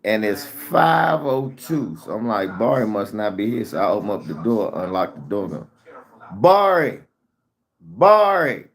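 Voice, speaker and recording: Low-voiced man telling a frantic story. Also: normal speed, few pauses. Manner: animated storytelling with heavy profanity. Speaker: vlogger. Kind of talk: casual storytime.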